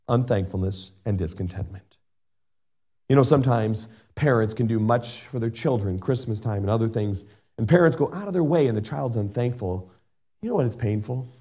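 A middle-aged man preaching a sermon and reading scripture in an earnest way. He shifts between loud emphasis and soft asides. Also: lowish voice, lively intonation, normal speed, breathy edge. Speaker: pastor.

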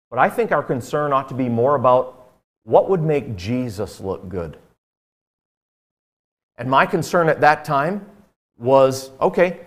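Earnest man preaching a sermon. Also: medium pitch. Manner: earnest, conversational preaching with frequent fillers. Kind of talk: sermon with personal story.

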